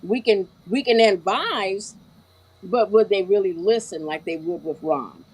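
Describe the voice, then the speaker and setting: Brief: woman podcast panelist, husky tone, earnest. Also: mid-range voice, unhurried, a little mellow, poor audio. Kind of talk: casual podcast chat.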